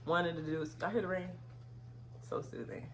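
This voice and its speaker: Young woman, casual storytime vlog, lowish voice, breaks into loud outraged retellings. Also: fairly even intonation, fast, a little hiss or hum. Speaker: vlogger.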